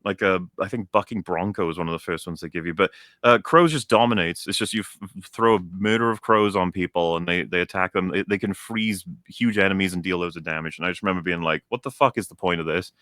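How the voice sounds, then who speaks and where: Young male critic, low voice with a bright, forceful edge, dry close sound, swearing through an animated rant. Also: quick pace, no echo. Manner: animated, profane, mocks characters in put-on voices. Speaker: stream guest. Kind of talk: ranting game critique on a stream.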